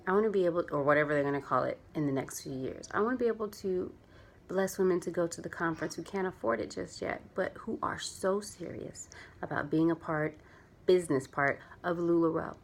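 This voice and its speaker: Earnest, gravelly-voiced woman vlogging. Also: fairly low pitch, fairly quick, a little hiss or hum. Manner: earnest and chatty, rambling. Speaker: vlogger and clothing seller. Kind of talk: casual heartfelt vlog.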